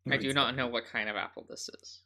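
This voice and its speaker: A man's voice: medium pitch, fairly even intonation, fast talker, very noisy. A man streaming and chatting casually with friends in an easygoing, offhand way. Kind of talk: casual group chat while streaming.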